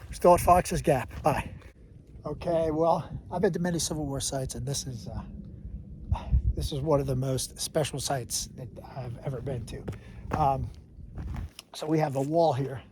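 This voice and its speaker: Background noise accompanies a medium-pitched man who talks a little slowly with long pauses while hiking a mountain trail. Speaking casually about history to a handheld camera, this vlogger rambles and often corrects himself.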